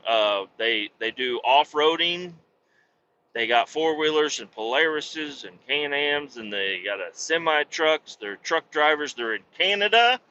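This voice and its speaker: A man's voice: medium pitch, sharp tone, a little hiss or hum. Rambling, cussing male podcaster. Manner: rambling, profane, self-interrupting. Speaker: podcast host. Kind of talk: casual solo podcast monologue. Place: home podcast setup in Missouri. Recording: dull lo-fi recording.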